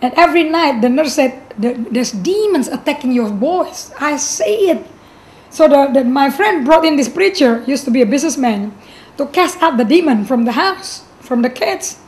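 A middle-aged woman from Indonesia, a pastor giving a personal testimony in an animated storytelling manner, acting out the dialogue. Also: sits high, normal speed.

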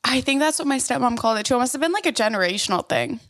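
A young woman co-hosts a casual podcast with a slightly high voice. She talks in a crude, animated way and jumps into quick bits and impressions. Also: no room sound. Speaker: podcast co-host. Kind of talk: casual chat.

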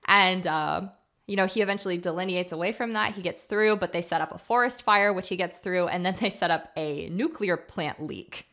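A woman co-hosting a casual podcast, her voice sitting a little low. She retells a film in animated fashion, slipping into the characters' quoted lines between plenty of fillers. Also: normal speed. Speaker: podcast co-host.

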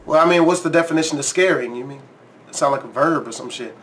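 A man with a somewhat high voice reacts on camera, jumpy and loose-tongued, his talk full of swearing. A faint hiss of background noise sits under his commentary. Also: quick pace, fairly bright tone. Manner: profane, jumpy, yelps and swears when startled. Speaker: YouTube host reacting to a scare challenge.

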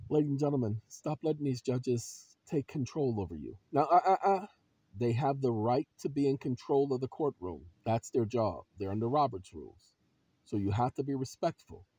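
Husky-voiced man preaching to viewers. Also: mid-range voice, no room sound. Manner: preachy, fires rhetorical questions at viewers; addresses viewers as ladies and gentlemen. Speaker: channel host. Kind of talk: emphatic vlog commentary.

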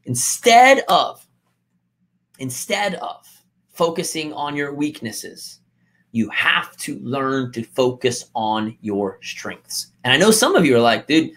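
Animated man giving a motivational talk. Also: mid-range voice, slow pace. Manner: emphatic, repeats key lines, acts out quotes.

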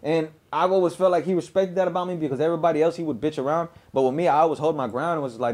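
A man recounts his past in loose, casual storytelling, cursing freely and repeatedly asking "you know what I mean?" His voice sits a little high for a man and is slightly mellow, with a steady tone and a fast pace that leaves few pauses.

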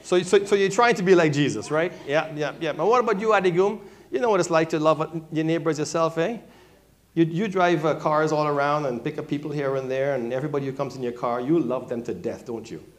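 A male pastor preaching a sermon, calling on members of his congregation by name, swinging from quiet remarks to loud, high-pitched exclamations. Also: brisk. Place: church sanctuary.

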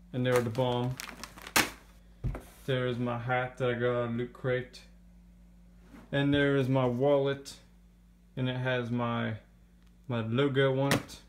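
A young man chatting casually into a handheld camera mic, excitable and prone to repeating himself and laughing. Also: medium pitch, slight background noise. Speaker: gaming vlogger.

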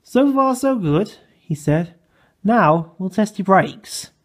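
A man voicing a stern, commanding railway inspector in a storybook, barking orders loudly. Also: high voice, lively intonation, slow, heavily acted.

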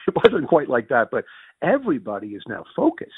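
A gravelly, husky American man tells his story in a lively, swinging voice and keeps breaking in on himself. The sound is dry and thin, as if it came over a phone line. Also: medium pitch, dry recording. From United States. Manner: rapid self-correcting anecdotes with quoted dialogue. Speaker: interview guest. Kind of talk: animated storytelling in conversation.

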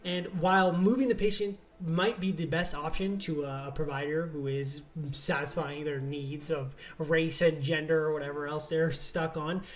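A man's voice: a little high, fairly even intonation, moderate pace, hardly any pauses. A young adult man, a doctor hosting his own channel, explaining earnestly in a casual vlog. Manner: earnest, explanatory, rising emphasis. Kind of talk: casual talking-to-camera vlog.

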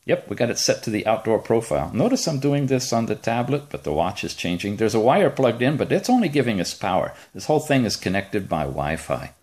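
A man's voice: lowish voice, very animated, fairly quick, hardly any pauses, darkish tone, breathy edge. A man hosting a casual, chatty gadget demo from his rural home, enthusiastic and joking. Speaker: tech reviewer host.

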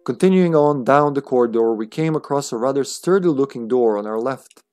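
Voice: mid-range voice, animated, fairly quick, darkish tone, soft background music. A streamer reading a text adventure aloud on a live stream, laid-back and casual, with the odd swear.

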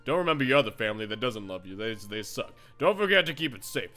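A man voicing a stern, rambling father in a video game, in a low deadpan voice. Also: fast, soft background music. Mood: solemn.

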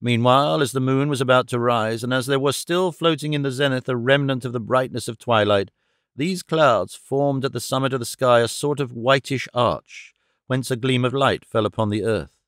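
A man reading a classic novel aloud as an audiobook narrator, in a measured, formal storytelling manner. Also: medium pitch, fairly bright tone, smooth, no room sound, clean studio sound. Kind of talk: scripted narration.

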